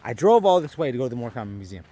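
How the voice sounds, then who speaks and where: Young man telling a lively story. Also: medium pitch, very fast. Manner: animated storytelling, acting out his own lines. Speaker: vlogger. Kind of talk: storytelling vlog.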